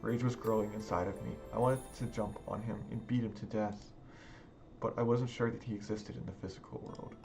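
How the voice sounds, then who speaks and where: Man reading a visual novel aloud, subdued and brooding, low voice, game music playing under him. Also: fairly even intonation, fairly quick, gravelly. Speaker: game let's-player.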